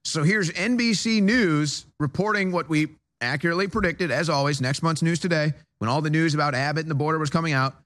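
A man's voice: on the high side, a little fast, hardly any pauses, a bit bright. A man hosting a political talk show from a studio, delivering an emphatic monologue with frequent stammered restarts.

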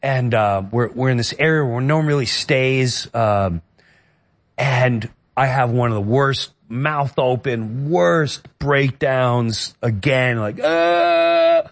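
Speaking slowly in a medium-pitched voice, a middle-aged guest from the New York area shares a personal story during a conversation. He comes across as earnest and emotional, frequently breaking off and restarting what he's saying.

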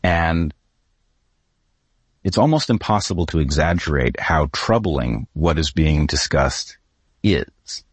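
A man with a very low voice speaks as an interview guest. He argues in a deliberate, grave, emphatic way. The sound is dry and close. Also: expressive, husky, no echo. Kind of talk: measured spoken argument.

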